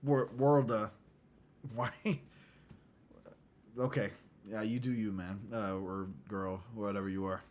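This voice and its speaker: Man, livestream host, casual chat, fairly low voice, loose and profane, clears his throat a lot. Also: flat delivery, slow pace, long pauses, a little mellow, a little hiss or hum.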